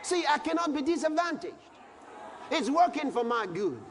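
A male pastor preaching a sermon, repeating phrases, breaking into shouts and reciting scripture in old-fashioned wording. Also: very high-pitched, very animated, moderate pace, long reverb tail, a faint crowd, a little hiss or hum.

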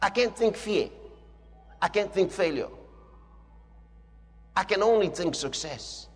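A man preaches in a very high, lively voice, hammering home his points by repeating them. The sound carries a long hall reverb, with soft music under it. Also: slow pace. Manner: emphatic, repeats declarations. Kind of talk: sermon.

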